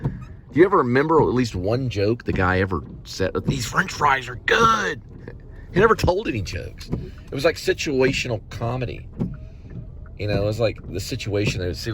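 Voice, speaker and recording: A man rambling jokingly while driving, tossing out deadpan asides and correcting himself. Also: lowish voice, normal speed, noisy background. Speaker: vlog host.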